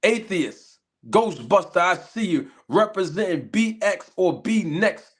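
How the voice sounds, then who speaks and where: A man from Philadelphia with a Philly accent hosting a casual livestream, greeting viewers with drawn-out shout-outs and catchphrases while a little sick. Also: sits high, animated. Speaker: livestream host.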